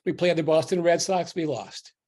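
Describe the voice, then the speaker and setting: A man's voice: fairly high pitch, normal speed, darkish tone. A man from the audience, earnestly thanking the speakers and sharing a memory. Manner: earnest, grateful, reminiscing. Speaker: audience member. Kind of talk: casual comment in a video session.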